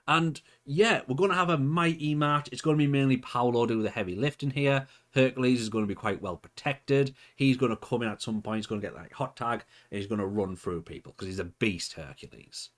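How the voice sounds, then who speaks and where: A man's voice: mid-range voice, a little fast, hardly any pauses. A man casually narrating his wrestling simulation game, chatting and thinking aloud. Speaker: gaming channel host. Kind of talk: let's play commentary.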